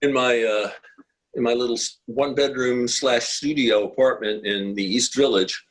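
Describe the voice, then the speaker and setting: An older man with a husky, slightly breathy voice recounts his past in a relaxed, meandering way. He restarts sentences often and drifts from one anecdote to the next, chatting as an interview guest. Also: medium pitch, moderate pace, low-quality recording. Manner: rambling, anecdotal, many restarts. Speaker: guest musician. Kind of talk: casual interview storytelling. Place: home, video call.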